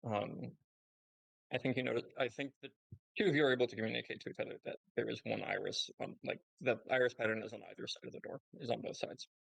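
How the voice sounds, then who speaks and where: A man narrating as game master of a tabletop game over a voice call, relaxed and hesitant, with many fillers. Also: medium pitch, quick pace, gravelly, low-quality recording.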